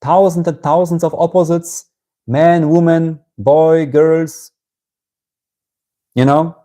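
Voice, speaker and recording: A man's voice: on the high side, fairly even intonation, slow pace, dark tone. A man with a German accent giving a live-streamed satsang talk as a spiritual teacher, reflective and often ending his phrases with a questioning "yeah?".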